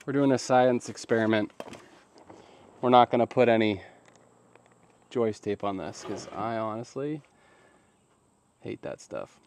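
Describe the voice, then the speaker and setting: A man's voice: lowish voice, unhurried, long pauses, a little mellow, slight background noise. A man chatting casually while building a deck outdoors, joking and rambling to his viewers. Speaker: DIY cabin builder.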